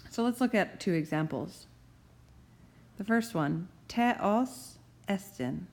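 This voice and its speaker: Woman teaching slowly, slightly low voice. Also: expressive, a little mellow. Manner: slow, deliberate emphasis on key terms. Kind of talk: explaining grammar rules.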